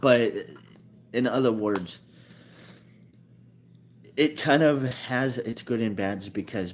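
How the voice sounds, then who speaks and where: A man's voice: on the low side, a little hiss or hum. A man talking casually about a card game in a rambling monologue, often correcting himself as he thinks aloud. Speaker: card game video maker.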